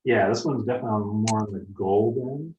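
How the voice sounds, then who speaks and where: A sommelier host in casual wine tasting chat, explaining at length with many fillers and restarts. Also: male voice, fairly low pitch, fast, darkish tone, slight background noise. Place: room in a home. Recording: echoey room, distant dull mic.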